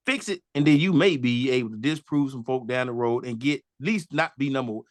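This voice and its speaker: A man's voice: medium pitch, brisk, no room sound, clean studio sound. A man in casual sports chat, talking animatedly, repeating himself and laughing at his own jokes. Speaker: podcast co-host.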